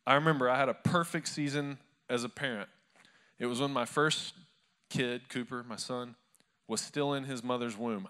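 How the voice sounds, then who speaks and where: Man, pastor, sermon, bright forceful voice, chatty storytelling, live church crowd. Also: mid-range voice, normal speed, clear, resonant tone. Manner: conversational storytelling with humor. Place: church before a live congregation.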